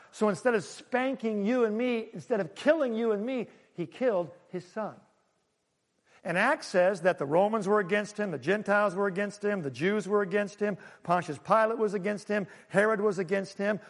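Male pastor, higher-pitched, emphatic sermon delivery with rhetorical questions, church hall reverb. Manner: emphatic, drawn-out stresses, drops soft for effect, rhetorical questions. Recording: long reverb of a large hall.

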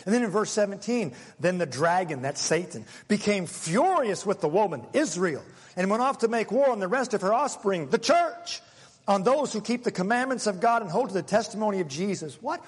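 A man preaching a sermon as pastor, animated, dropping into hushed asides. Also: high-pitched, a little fast, breathy edge. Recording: long reverb of a large hall.

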